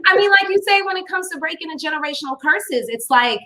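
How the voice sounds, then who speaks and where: A woman's voice: extremely high pitch, expressive, fast, sharp tone. A woman guest in a casual interview, talking in a chatty way full of "you know" and "like," laughing easily. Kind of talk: casual live-stream interview.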